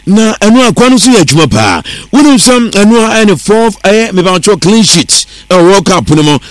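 High-voiced radio sports man. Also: a little fast, no room sound. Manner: steady newsreader delivery, mixing English words into his talk. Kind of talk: sports news bulletin. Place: radio studio.

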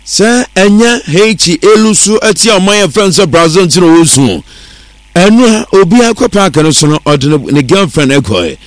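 Man, radio sports news read, high voice, dry close studio mic. steady delivery. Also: a little slow, no room sound. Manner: steady newsreader delivery, mixing English words into his talk.

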